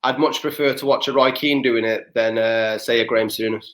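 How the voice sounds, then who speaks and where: A man's voice: medium pitch, fairly even intonation, brisk, a bit bright. A young man, co-hosting a podcast and telling rambling, sweary stories full of restarts. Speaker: podcast co-host. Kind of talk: casual chat.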